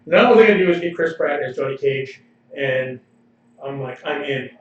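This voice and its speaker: A man's voice: mid-range voice, expressive, normal speed, slight background noise. A man co-hosting a podcast in casual chat, opinionated and laughing often. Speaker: podcast co-host. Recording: roomy, distant, slightly dull livestream audio.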